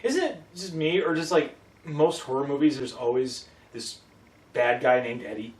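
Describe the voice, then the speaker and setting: A man co-hosting a casual movie review chat, laid-back and quick to laugh. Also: medium pitch. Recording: roomy echo, mic at a distance.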